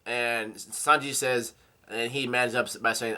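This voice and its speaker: A man casually reading through a comic chapter aloud with his own comments, halting, with many fillers, restarts and coughs. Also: medium pitch, steady tone, sharp tone. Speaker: comic reader.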